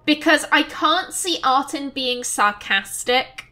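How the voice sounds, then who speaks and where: A woman commentates casually on a let's play, chatting and thinking aloud about her choices. Her voice is high and bright, and she talks at a relaxed, unhurried pace.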